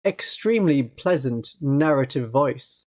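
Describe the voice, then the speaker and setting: Northeast English streamer, gentle and easygoing, laughs a lot, casual livestream chat, mid-pitched. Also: animated, unhurried. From northeast England.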